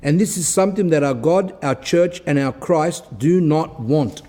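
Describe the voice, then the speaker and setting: A man's voice: fairly high pitch, a little slow, warm tone. A middle-aged man, an Orthodox priest, giving an earnest talk, telling stories and acting out quoted exchanges. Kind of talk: sermon-style talk.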